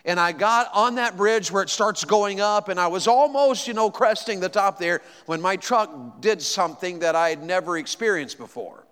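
Folksy evangelist guy preaching, kinda high voice, long echo of a big church. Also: normal speed, hardly any pauses, smooth. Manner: folksy, animated, rising to excited exclamations. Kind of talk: storytelling sermon. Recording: long hall reverb.

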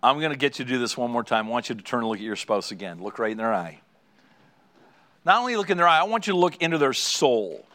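A man's voice: mid-range voice, big pitch swings, fast, fairly bright tone. A middle-aged male pastor preaching to married couples, storytelling and speaking directly to his congregation. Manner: storytelling, addresses the congregation directly, laughs at own stories.

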